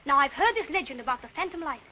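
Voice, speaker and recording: A woman's voice: high voice, lively intonation, quick pace, sharp tone, dull audio. A spirited, coaxing young woman.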